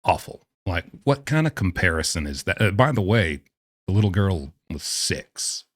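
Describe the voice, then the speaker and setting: Man, deep voice, sarcastic commentary host, exasperated, animated pitch. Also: normal speed, no room sound, studio quality. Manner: sarcastic, exasperated, scoffing laughs. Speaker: true-crime commentary host. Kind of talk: casual commentary.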